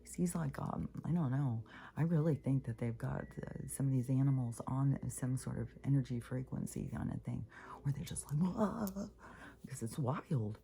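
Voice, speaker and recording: Very deep gravelly woman vlogger. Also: normal speed, warm tone. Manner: rambling, many fillers, drops into whispery asides. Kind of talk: casual spiritual vlog monologue.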